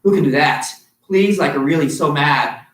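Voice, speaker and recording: A man's voice: on the high side, brisk, a bit bright. A man teaching a live-streamed children's martial arts class, upbeat and coaxing, praising the kids. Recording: roomy sound from far off.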